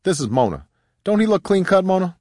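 This is a playful older woman in an audiobook, chatty and quick to tease, as a male reader puts her on. The voice is raised well above his usual pitch. The recording is close and dry. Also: very animated, a little mellow, no echo. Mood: teasing. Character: older woman, warm and teasing.

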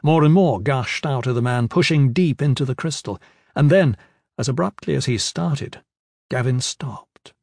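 A man reading fantasy fiction as an audiobook narrator in a measured, steady way. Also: medium pitch, vocal fry, dry recording, clean studio sound. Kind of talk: scripted narration.

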